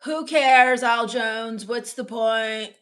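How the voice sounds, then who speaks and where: A woman playing a sullen, bitter teenage goth girl in live-stream character comedy, mopey, deadpan and scornful as she reads the chat. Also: a little high, slow. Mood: sulky.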